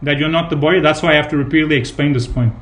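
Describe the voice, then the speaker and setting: Guy preaching a temple class, slightly high voice, keeps repeating points, lots of um and you know. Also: steady tone, rapid-fire, a bit bright. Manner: repetitive, emphatic storytelling with fillers. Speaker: speaker giving a scripture class. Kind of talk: devotional sermon with retold anecdotes.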